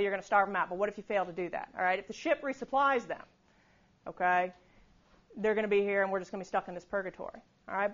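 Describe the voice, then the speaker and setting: Woman lecturing a class. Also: fairly high pitch. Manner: conversational, keeps checking in with "okay?". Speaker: history lecturer. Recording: slightly dull lo-fi recording.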